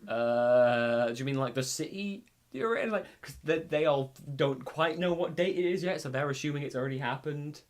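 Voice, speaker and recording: A young man co-hosting a casual podcast chat, often trailing off and agreeing. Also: fairly high pitch. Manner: chatty, quick to agree, trails off mid-sentence. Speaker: podcast co-host.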